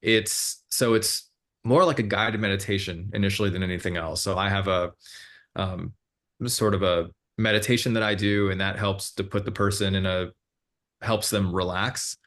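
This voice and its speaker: Relaxed low-voiced male hypnotherapist. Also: moderate pace. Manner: relaxed, meandering, with many fillers and self-corrections. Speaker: hypnotherapist, interview guest. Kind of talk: casual interview explanation.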